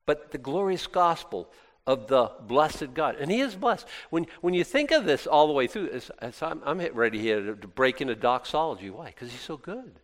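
Male pastor, expository sermon, fervent, alternates hushed and exclamatory, lively pitch. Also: moderate pace, long reverb tail.

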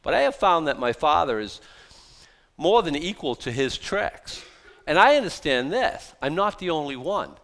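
A man preaching a sermon as a pastor, emphatic and blunt, mocking excuses in quick put-on voices. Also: on the high side, very animated, creaky, a bit bright.

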